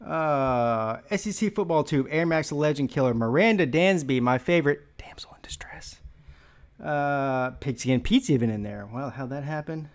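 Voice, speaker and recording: Out-of-breath man, sports stream host, loose and joking, mid-pitched voice. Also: lively intonation, normal speed, few pauses. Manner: rambling, joking, many fillers. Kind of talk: casual live-stream chat.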